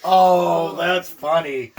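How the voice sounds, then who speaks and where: A man's voice: on the high side, fairly even intonation, extremely slow, distant mic. A man co-hosting a wrestling talk show, indignant and bragging about being a good, humble guy. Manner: boastful, indignant, self-praising. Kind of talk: casual in-character chat.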